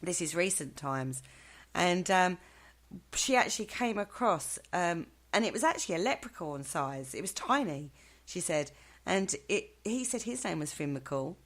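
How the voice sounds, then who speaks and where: A woman's voice: fairly low pitch, very animated, measured pace, a bit bright. A woman co-hosting a show, chatting with enthusiasm and laughing often. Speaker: co-host. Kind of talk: casual chat.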